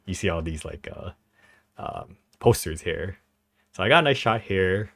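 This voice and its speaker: A young travel vlogger with a low, slightly bright voice narrates his travel photos in loose, chatty fashion. He rambles, laughs a lot, and fills pauses with "like" and "uh" while faint music plays underneath.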